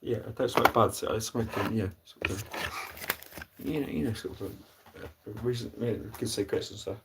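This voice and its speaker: A British man hosting a casual livestream, reading out chat comments in a halting, rambling way full of fillers and restarts, with dry deadpan asides. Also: on the low side, background noise. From Britain.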